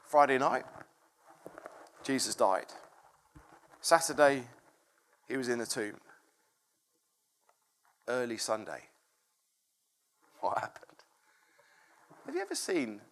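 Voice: mid-range voice, a bit bright. A preacher telling a story to a congregation in an informal sermon, chatty and self-interrupting, often laughing. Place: room with a congregation.

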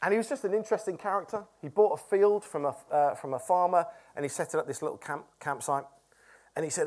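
A man's voice: on the high side, fast, darkish tone. A man preaching a conversational sermon who asks the congregation questions. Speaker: pastor.

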